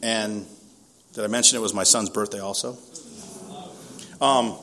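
A man's voice: lowish voice, fairly even intonation, measured pace, sharp tone, a little hiss or hum. A man in his forties from Southern California giving a candid, self-deprecating recovery testimony at a meeting, often laughing at himself.

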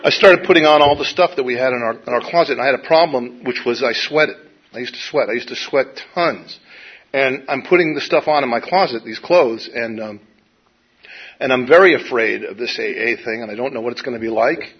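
A middle-aged man shares a personal recovery story in a wry, self-deprecating manner, stumbling into restarts as he goes. His voice sits at an average pitch. The recording is dull and lo-fi. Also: brisk, slightly rough. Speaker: speaker sharing a recovery story. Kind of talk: personal storytelling to a live audience.

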